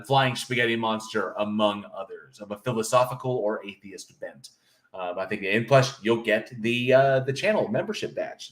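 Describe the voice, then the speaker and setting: A man's voice: medium pitch, fairly bright tone. A man hosting a livestream in casual chat, reading viewer comments aloud and joking with a loose, profane manner. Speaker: livestream host.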